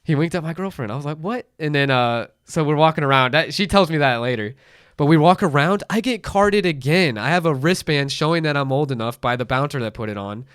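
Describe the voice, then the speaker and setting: A man's voice: a little high, fairly quick, clear, resonant tone, dry recording, studio quality. A man in his late twenties telling a story in casual chat, acting out other people's lines in raised voices. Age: late 20s. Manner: animated storyteller, acts out quotes in raised voices. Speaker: podcast host.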